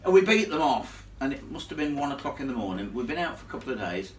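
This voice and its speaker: Lively man telling a ghost story. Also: medium pitch, fast, slight background noise. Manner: animated, blunt, salty storyteller. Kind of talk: live storytelling to an audience. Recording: echoey room filmed from far off.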